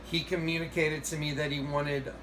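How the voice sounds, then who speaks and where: A man telling a rambling, excited story in a casual recorded monologue. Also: on the high side, normal speed, slight background noise, rough recording. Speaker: video host.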